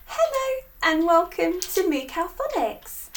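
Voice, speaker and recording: A woman hosting a children's phonics lesson in a slow, clear, sing-song teacher voice, recorded on a distant mic. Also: extremely high pitch, very animated.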